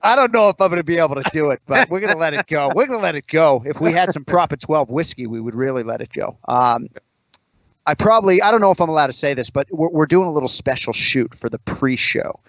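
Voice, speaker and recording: A man's voice: a little high, lively intonation, quick pace, a bit bright, no echo, dull audio. A man hosting a podcast in casual, joking chat, swearing freely and rambling. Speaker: podcast host.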